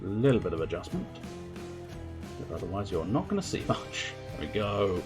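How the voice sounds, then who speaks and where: A man's voice: deep voice, sing-song, normal speed, a little mellow, soft background music. A man streaming video games, chatting casually in a playful, rambling way and joking to himself. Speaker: game streamer. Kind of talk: casual gameplay commentary.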